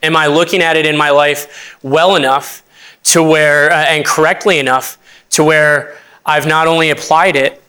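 A young man delivers a church sermon in a bright, clear voice that sits a little high. He is earnest and unpolished, often stopping and restarting his sentences as he works his thoughts out aloud. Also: fairly even intonation. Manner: earnest, halting with many restarts and fillers. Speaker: associate pastor.

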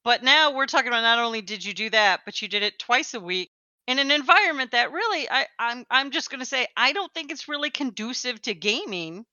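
A woman co-hosting a podcast chats casually and teases her guests, laughing often. Her voice sits high and bright and swings lively up and down. The sound is dry and close. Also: brisk, no echo, dull audio. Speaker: podcast co-host. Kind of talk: casual chat.

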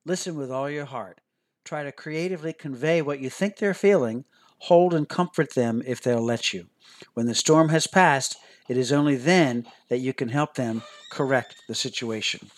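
A middle-aged man, the host and a doctor, giving scripted parenting advice in a measured, instructive and earnest way. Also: medium pitch.

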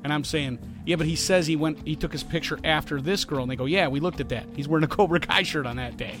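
A man's voice: fast talker, over music. A man co-hosting a podcast, telling a long anecdote in casual chat and acting out the quoted lines. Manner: animated, acts out quotes with rising pitch. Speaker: podcast co-host.

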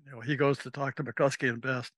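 A former navy officer, a man, spins a rambling anecdote as a podcast guest and slips into the voices of the people he quotes. His voice is bright and forceful. It sits close and dry, with no room around it. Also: medium pitch, level tone, fast talker, dry recording. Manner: rambling, acts out quoted dialogue. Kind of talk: casual anecdotal storytelling.

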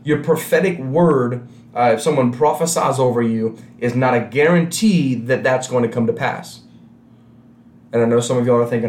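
A man's voice: mid-range voice, moderate pace, a little mellow, reverberant. A man preaching a sermon to a camera with no congregation, talking in a conversational way and repeating key phrases for emphasis. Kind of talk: recorded sermon without congregation.

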